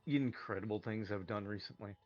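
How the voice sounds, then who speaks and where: A man's voice: on the low side, a little fast, a little mellow, dull audio. A man co-streaming a game, easygoing and explaining game mechanics over a call. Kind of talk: casual gaming chat over voice call.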